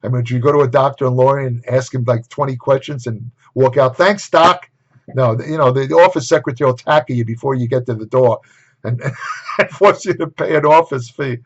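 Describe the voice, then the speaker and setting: A man's voice: mid-range voice, fairly quick, husky. An older man giving a casual lecture to camera on nutrition, blunt and opinionated, with exasperated asides. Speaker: nutrition writer and host. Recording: dull lo-fi recording.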